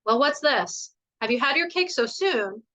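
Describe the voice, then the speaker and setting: Woman putting on a high, pushy young girl spy. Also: lively intonation, a little slow, pushed and bright, heavily acted. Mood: insistent. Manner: insistent, exasperated questioning.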